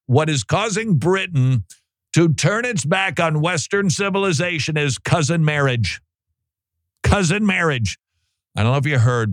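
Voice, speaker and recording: A man hosting a talk show, giving sarcastic, animated commentary. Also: mid-range voice, no echo. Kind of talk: opinionated commentary.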